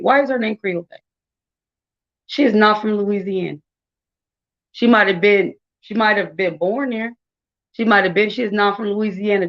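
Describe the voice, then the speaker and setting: Blunt indignant woman, lo-fi commentary. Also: mid-range voice. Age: 40s. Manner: blunt, indignant, talks straight to viewers with many asides. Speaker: commentary channel host. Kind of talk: casual commentary.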